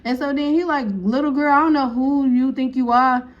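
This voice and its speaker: A woman's voice: high-pitched, fairly quick, lo-fi sound. A woman telling a casual storytime, acting out each person's lines and laughing often. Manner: animated, acts out quotes, laughs often.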